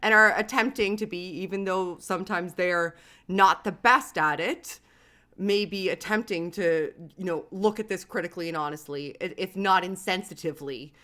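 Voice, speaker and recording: A Canadian woman in her thirties or forties hosting a casual livestream over a video call, animated, swearing freely and laughing often. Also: on the low side, moderate pace. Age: 30s or 40s. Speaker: host.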